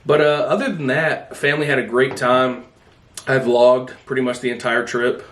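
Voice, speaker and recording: A man's voice: medium pitch, normal speed. A man hosting a podcast in casual chat, telling stories with animation and acting out other people's lines. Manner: animated storyteller who acts out family members' lines. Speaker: podcast host. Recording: echoey room.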